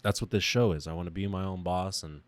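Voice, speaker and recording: Man in an emotional, halting podcast monologue. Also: low voice, dry recording. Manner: raw, emotional, halting with restarts. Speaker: podcast host. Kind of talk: personal reflective monologue.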